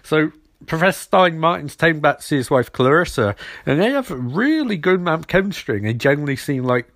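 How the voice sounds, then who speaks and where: A man's voice: a little high, expressive, brisk, fairly bright tone, no echo, clean studio sound. A man hosting his own podcast, recapping a TV episode casually and jokingly, briefly mimicking characters as he goes. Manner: rambling and jokey, briefly mimicking characters in quotes. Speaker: podcast host.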